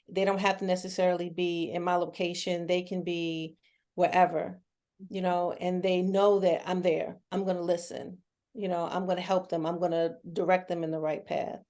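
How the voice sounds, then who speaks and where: A woman's voice: fairly low pitch, flat delivery, moderate pace, a little mellow. Candid woman therapist talking casually. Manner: candid, earnest, folksy, with repeated restarts. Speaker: children's therapist, guest. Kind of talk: casual conversational interview.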